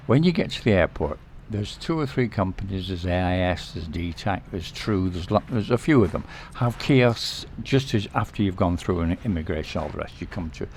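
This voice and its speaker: A man with a lowish voice talks casually to the camera as a vlog host, handing out advice. He is relaxed and repeats points, and he keeps tagging his sentences with a quick "okay?". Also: a little hiss or hum.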